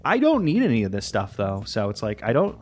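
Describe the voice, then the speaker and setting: Lively, rambling let's-play man. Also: medium pitch, a little fast, soft background music. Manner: rambling, chatty, swears casually. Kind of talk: casual game commentary.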